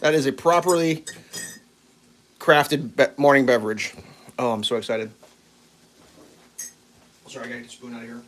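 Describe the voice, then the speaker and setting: There's background noise as this livestream cooking host, a man from the central United States, rambles to viewers and his dog while making breakfast in his kitchen. His mid-range voice stays level at a moderate pace, with long pauses.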